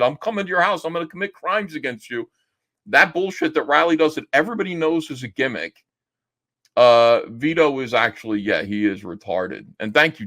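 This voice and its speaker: Pushed and bright, this mid-range male voice belongs to a middle-aged streamer delivering a loose, foul-mouthed, mocking rant. He rambles, and whenever he quotes someone he imitates them by raising his voice.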